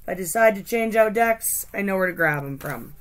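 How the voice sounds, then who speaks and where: A woman's voice: medium pitch, expressive, fairly quick, slight background noise. A woman hosting a casual tarot reading, chatting loosely and muttering to herself while she handles cards. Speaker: tarot reader.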